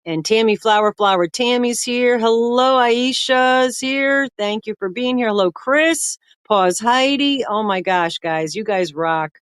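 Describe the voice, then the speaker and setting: A woman's voice: on the high side, measured pace, few pauses, smooth, no room sound, studio quality. An older woman, hosting a casual livestream and chattily greeting viewers one by one by name. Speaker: livestream host.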